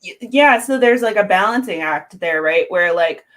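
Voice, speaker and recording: A woman's voice: medium pitch, expressive, normal speed, fairly bright tone. A woman art therapy counselor talking in a casual interview, chatty, laughing often and using many fillers.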